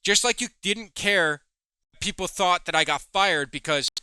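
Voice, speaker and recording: A man's voice: high-pitched, a little slow, pushed and bright, smooth, no room sound. A man hosting a heated commentary video, reading chat logs aloud and swearing as he accuses someone. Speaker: commentary host.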